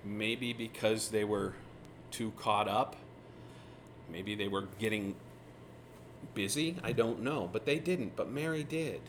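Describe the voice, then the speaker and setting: A man teaching through a Bible passage in a relaxed, conversational way, retelling the scenes with lively asides. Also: fairly low pitch, slow, long pauses, slight background noise. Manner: casual, animated retelling of scripture scenes.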